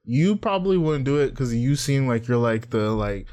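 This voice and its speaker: A man's voice: mid-range voice, expressive, normal speed, a little mellow, clean tone. A young man co-hosting a casual chat, telling profane stories with lots of laughter and acted-out quotes. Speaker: podcast co-host.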